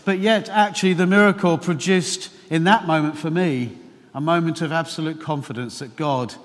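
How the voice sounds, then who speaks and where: A man preaching a sermon to his church, telling a personal story with animated, emphatic questions. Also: fairly high pitch, normal speed. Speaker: pastor. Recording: long hall reverb.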